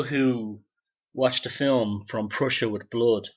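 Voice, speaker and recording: A man's voice: mid-range voice, steady tone, takes it slowly, slightly rough, highs cut off. A man hosting a solo podcast, rambling and sardonic, with casual swearing. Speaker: host.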